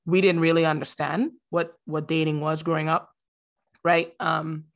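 A woman's voice: sits low, flat delivery, moderate pace. A woman from the Virgin Islands co-hosting a casual podcast, telling stories playfully. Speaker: podcast co-host.

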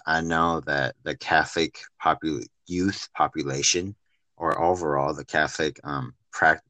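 A man's voice: extremely low pitch, sharp tone, dry recording. A man interviewing a guest about faith, laid-back and full of fillers.

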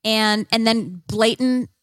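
A woman's voice: a little high, takes it slowly, fairly bright tone, no room sound. Woman guest rambling casually on a podcast, lots of likes, dry close mic. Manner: chatty, many "like" fillers, acts out quoted lines. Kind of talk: casual conversational interview.

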